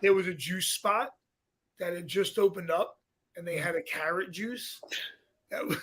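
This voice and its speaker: High bright-voiced Brooklyn man. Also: slightly rough. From Brooklyn, New York. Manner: animated, swearing, quick storytelling. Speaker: podcast co-host. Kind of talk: casual chat, storytelling.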